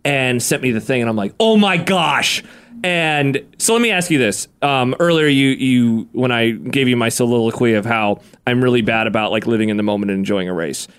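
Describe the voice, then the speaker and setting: A man's voice: medium pitch, fairly quick, fairly bright tone, smooth. A man hosting a running podcast, asking questions in a chatty, self-deprecating way. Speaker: podcast host. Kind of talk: casual interview chat.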